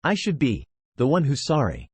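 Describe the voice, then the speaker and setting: A man's voice: medium pitch, wildly swooping pitch, moderate pace, darkish tone, breathy edge, dry recording, heavily acted. A synthetic male narrator voicing a hot-tempered young woman fighter who speaks curtly, swears and fires off pressing questions.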